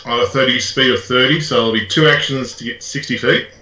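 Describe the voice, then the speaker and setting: Bright-voiced joking male player. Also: medium pitch, highs cut off. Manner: jokey, laughs often, halting. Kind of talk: tabletop game chat. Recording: echoey room.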